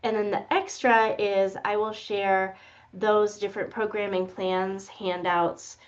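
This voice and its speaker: A woman's voice: mid-range voice, level tone, takes it slowly. A woman co-presenting a library webinar, playful and reassuring as she walks through the steps. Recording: dull lo-fi webinar audio.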